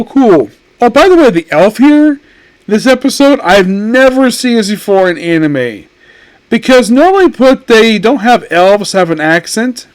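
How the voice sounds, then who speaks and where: A man's voice: on the high side, dry recording. A man casually reviewing an anime episode, rambling and often correcting himself mid-sentence. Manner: rambling, self-correcting, animated.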